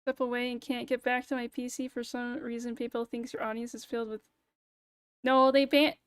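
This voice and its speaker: This young VTuber streamer chats casually, ranting sarcastically and swearing often. Her high voice is smooth and clear, fairly quick, with little pitch movement, captured close and dry with no room sound at all.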